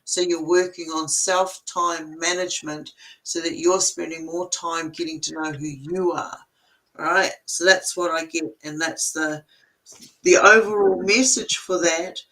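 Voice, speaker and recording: A woman's voice: on the low side, steady tone, unhurried, a bit bright, rough recording. An older woman giving a casual spiritual card reading, chatty and explaining step by step with everyday examples.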